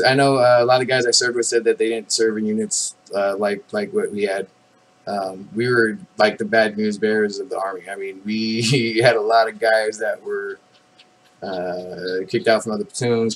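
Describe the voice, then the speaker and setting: A man's voice: on the low side, low-quality recording. A man in his thirties, an army veteran telling stories in a casual, rambling monologue full of fillers and restarts, swearing now and then. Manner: rambling, laid-back, many fillers and restarts.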